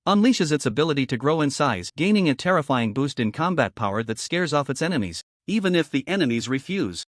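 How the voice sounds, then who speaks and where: A man's voice: on the high side, big pitch swings, fairly quick, dry recording, studio quality. A man narrating a fantasy story in a dramatic, scripted way.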